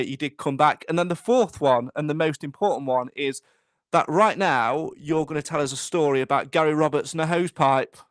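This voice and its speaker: A man's voice: a little high, fairly bright tone, no room sound. A man hosting a live podcast, talking in a chatty, rambling way with many restarts. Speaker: podcast host.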